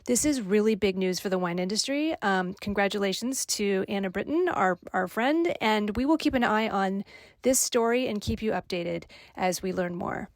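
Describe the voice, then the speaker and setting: A middle-aged woman co-hosting a podcast, explaining news in an earnest, measured way. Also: mid-range voice, lively intonation, no echo, clean studio sound. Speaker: podcast co-host, wine journalist. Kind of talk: casual news podcast chat.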